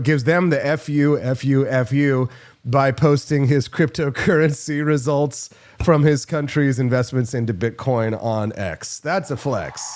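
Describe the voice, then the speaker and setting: A man hosting a live political talk show, joking and sarcastic with quick asides. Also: medium pitch, a little mellow. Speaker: host.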